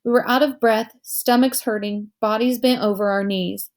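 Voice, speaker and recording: A woman reading a children's novel aloud as narrator, telling it in a lively way and giving each character a voice. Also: fairly high pitch, normal speed.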